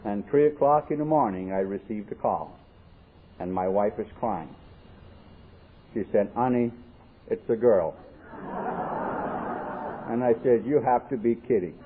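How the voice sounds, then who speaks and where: A man's voice: fairly low pitch, normal speed, long pauses. Man telling jokes on an old tape. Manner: folksy, joking storyteller acting out dialogue. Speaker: AA convention speaker. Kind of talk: storytelling recovery talk. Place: convention hall. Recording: tinny lo-fi 1979 tape, faint hiss.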